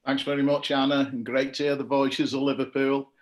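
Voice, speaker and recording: A man's voice: medium pitch, level tone, a little fast. A man chairing an online meeting, introducing speakers in a friendly, informal way.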